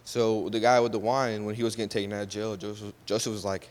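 A man's voice: fairly low pitch, little pitch movement, fast. A man casually retelling a Bible story, often checking in with his listeners and correcting his own slips. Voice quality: loose and conversational, often checks with "right?" and corrects himself. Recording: long hall reverb.

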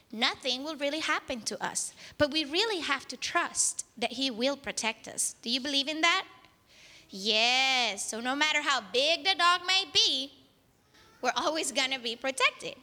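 A woman at church telling a story to children in an expressive, engaging way, stopping to ask them questions. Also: sits high, long reverb tail.

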